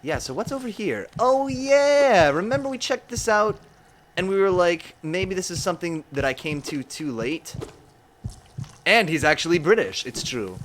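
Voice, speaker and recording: Young male streamer, slightly high voice, very animated delivery, chatty and quick to laugh. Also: slight background noise. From Southern California. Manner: joking, chatty, laughs often. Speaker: game streamer. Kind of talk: casual live-stream chat while gaming.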